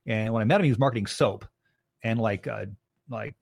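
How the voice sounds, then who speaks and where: A man's voice: on the low side, a little fast, gravelly, dry recording. Rambling man telling stories, dry sound. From Arizona, US. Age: 30s. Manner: rambling, acts out quoted voices. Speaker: podcast guest. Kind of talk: casual storytelling conversation.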